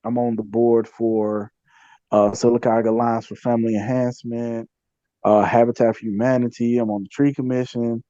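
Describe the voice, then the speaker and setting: A man's voice: mid-range voice, little pitch movement, normal speed, mellow, no echo, lo-fi sound. A man, a podcast guest, telling a story in a loose, conversational way with many fillers and repeated phrases. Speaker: podcast guest, community activist. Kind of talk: casual storytelling interview.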